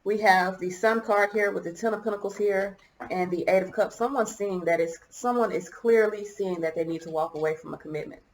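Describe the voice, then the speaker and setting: A woman's voice: mid-range voice, brisk, roomy sound, rough recording. A woman giving a casual tarot reading to her viewers, musing and hesitant as she thinks aloud, choked up and coughing at times. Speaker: tarot reader.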